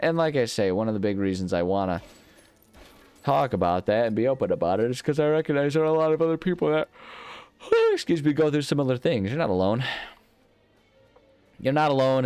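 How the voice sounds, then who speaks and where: A man's voice: medium pitch, a little mellow, clean tone. Rambling, self-mocking male gaming host. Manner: rambling, self-mocking, sings nonsense syllables. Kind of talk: casual gameplay commentary.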